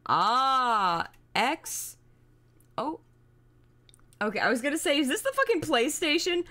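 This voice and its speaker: An excitable young woman streamer talks over a puzzle game. Her voice sits a little high and leaps all over the place. She swears freely, giggles and throws in playful sound effects. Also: slow pace, pauses often. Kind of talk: casual live gameplay commentary.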